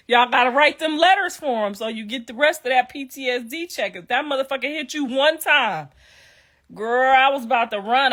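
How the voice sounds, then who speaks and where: A woman's voice: sits high, pushed and bright. Brash, laughing woman on a livestream. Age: middle-aged. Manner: brash, profane storytelling, laughing through her words. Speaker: livestream host. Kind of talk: casual livestream chat to viewers.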